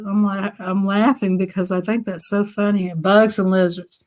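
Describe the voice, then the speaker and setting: A woman's voice: medium pitch, flat delivery, normal speed, darkish tone. A woman telling casual stories on a live stream, chatty and laughing often as she acts out voices. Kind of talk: casual storytelling.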